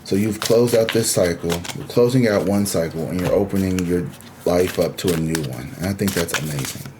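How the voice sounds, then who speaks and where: A man's voice: sits low, fairly quick, background noise. A man giving a casual tarot reading, talking in a laid-back, chatty and reassuring way with the odd curse word thrown in. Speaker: tarot reader.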